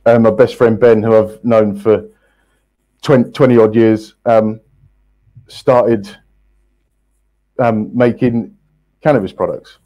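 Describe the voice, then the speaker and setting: A man, a podcast guest, telling his story in a casual, halting way with many restarts and fillers. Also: fairly low pitch, fairly even intonation, lo-fi sound. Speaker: guest, company co-founder.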